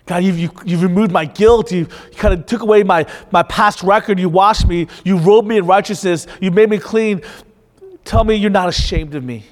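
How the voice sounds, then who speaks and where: A man preaching a sermon in a conversational, animated way, often restarting his sentences. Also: high voice, normal speed, in a large hall. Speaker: pastor.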